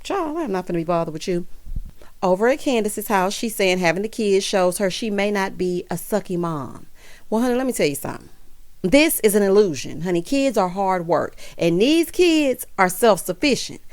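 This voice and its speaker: Sassy woman dishing reality-TV gossip. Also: mid-range voice. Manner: sassy, teasing asides with "honey" and "child"; puts on voices when quoting people. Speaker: recap vlogger. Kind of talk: casual reality-TV recap commentary.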